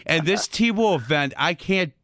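A man's voice: fairly high pitch, lively intonation, normal speed, a bit bright, no echo. A man hosting a radio talk show, telling stories casually with lots of fillers and restarts. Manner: rambling storyteller with many fillers and restarts.

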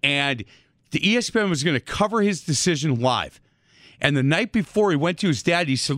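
A man's voice: on the high side, expressive, a little fast, a bit bright, no room sound, studio quality. A man hosting a radio talk show, telling stories casually with lots of fillers and restarts. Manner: rambling storyteller with many fillers and restarts.

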